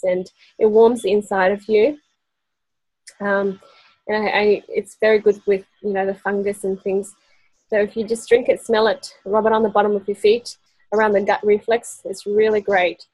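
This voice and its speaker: A woman's voice: medium pitch, a little mellow, slightly rough, no room sound, poor audio. A woman presenting essential oils to a small group, chatty and often laughing. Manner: chatty, laughing often, acts out quoted voices. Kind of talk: casual workshop talk to a group.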